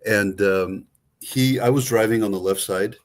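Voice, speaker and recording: A man co-hosting a casual live-stream travel chat as a travel expert, an animated storyteller who often breaks into laughter. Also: fairly low pitch, measured pace.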